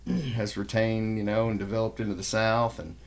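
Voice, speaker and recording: A man hosting a casual podcast chat, talkative and quick to agree. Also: fairly low pitch, level tone, gravelly. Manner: chatty, agreeing, playful mimicry. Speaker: podcast host.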